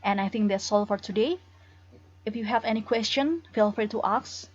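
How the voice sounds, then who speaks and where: Woman, English teacher, breathy voice, muffled lo-fi audio. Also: medium pitch, normal speed. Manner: reads English examples then explains in Indonesian. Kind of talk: bilingual classroom lesson.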